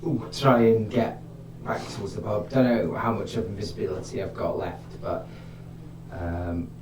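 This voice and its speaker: A man's voice: on the low side, fairly even intonation, normal speed. A man playing a tabletop game, thinking aloud hesitantly with fillers. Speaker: player. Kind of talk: casual chat at a game table. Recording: echoey room, far from mic, noisy.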